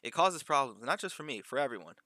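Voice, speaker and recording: A man's voice: medium pitch, very animated, quick pace, sharp tone, dry recording, clean studio sound. A man voicing a cool, stern young female detective, curt and scolding.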